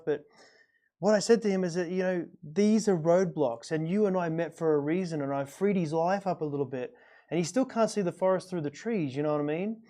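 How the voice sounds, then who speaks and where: An earnest man speaking as a guest, his voice a bit high and mellow. He talks in bursts, repeating himself and restarting his sentences. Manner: earnest, repetitive, stammering restarts. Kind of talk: casual conversation.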